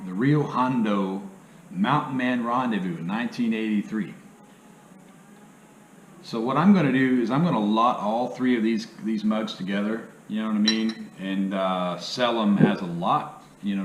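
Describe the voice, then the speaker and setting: A man with a hillbilly accent chatting casually about reselling in a rambling, folksy way, often tossing in "you know what I mean.". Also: fairly low pitch. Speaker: reselling vlogger. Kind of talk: casual vlog talk. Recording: echoey room with faint ambient noise.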